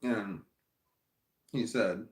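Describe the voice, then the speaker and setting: A man's voice: fairly low pitch, very slow, echoey room. An American man reading live chat aloud on his stream, rambling, swearing and restarting his sentences. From United States. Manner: rambling and profane, with frequent restarts. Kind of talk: casual livestream chat.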